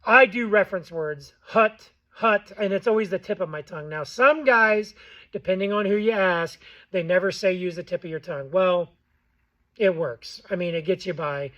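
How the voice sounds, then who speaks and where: A man's voice: high-pitched, moderate pace, pushed and bright, muffled recording. A man giving a casual how-to tutorial on goose calling, plainspoken and loose, repeating himself with fillers. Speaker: goose call instructor.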